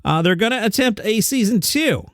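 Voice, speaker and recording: A man's voice: high voice, lively intonation, moderate pace, no room sound, clean studio sound. A man hosting a comedy news roundup, reading out quotes and adding wry, sarcastic asides.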